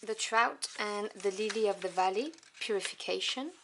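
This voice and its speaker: A woman whose first language is French, reviewing tarot cards one by one. She lists each card softly and without hurry, adding fond little asides. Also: mid-range voice, slight background noise. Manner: soft, unhurried listing with fond asides.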